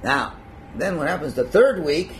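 A man teaching a religious class in a lively, conversational way, acting out little scenes and chuckling at his own points. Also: fairly high pitch, moderate pace, faint music behind. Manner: animated, acts out quotes, chuckles at own points. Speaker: Torah teacher.

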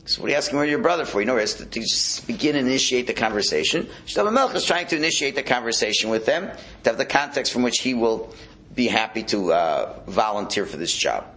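A man teaching a Torah class in a casual, questioning way, who goes up in pitch when he stresses a point. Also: lively intonation, fast, bright, forceful tone, low-quality recording. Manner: casual, with many restarts and rhetorical questions. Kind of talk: teaching a Bible class, explaining commentaries.

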